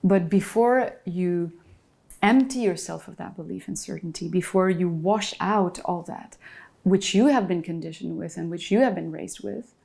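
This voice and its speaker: Mellow, low-voiced woman, a thoughtful interview guest who pauses to find her words. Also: vocal fry. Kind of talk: reflective conversation.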